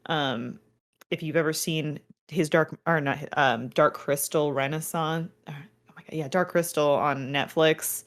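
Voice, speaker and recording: A woman's voice: sits low, steady tone, measured pace. A young adult woman co-hosting a casual chat about a TV show, speaking enthusiastically and searching for words with fillers. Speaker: podcast co-host. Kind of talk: casual chat recapping a TV episode.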